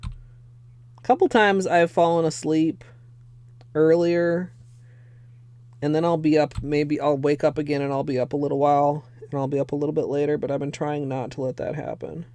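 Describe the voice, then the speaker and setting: A woman's voice: sits low, steady tone, normal speed, dark tone, no room sound. A young woman casually chatting on a livestream while painting her nails, swearing freely and laughing often. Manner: chatty and profane, laughs often, thanks viewers. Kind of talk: casual livestream chat while doing a manicure.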